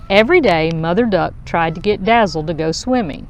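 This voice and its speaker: Lady reading a kids' picture book, slow and expressive, bit low voice, faint traffic behind. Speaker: children's book reader.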